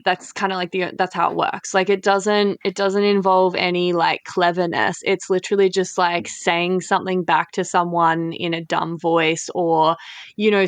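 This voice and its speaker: A woman's voice: on the low side, smooth, no echo. A woman hosting a podcast in casual chat, blunt and frank, swearing freely and using lots of fillers. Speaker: podcast host.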